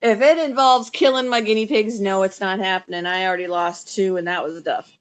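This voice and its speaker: A middle-aged woman talks casually with her audience during a crafting session, at an ordinary middle pitch. Her speech is soft and a little rambling, and she often mutters half to herself while she works. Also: fairly even intonation, a little fast, a little hiss or hum. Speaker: vlogger chatting with live viewers while crafting. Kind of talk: casual live-stream chat.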